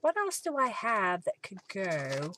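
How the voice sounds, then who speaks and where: A woman with a bright, clear voice leads a live craft session. She muses aloud about each step and keeps up easy chatter with her viewers. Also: medium pitch, wildly swooping pitch, unhurried, slight background noise. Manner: chatty, thinking aloud while working, thanking viewers. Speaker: craft journaling host. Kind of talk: live-stream crafting demo.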